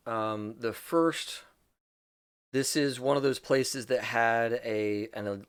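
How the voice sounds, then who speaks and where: A man's voice: medium pitch, smooth, no room sound. A man narrating a tabletop game as game master, loose and full of fillers.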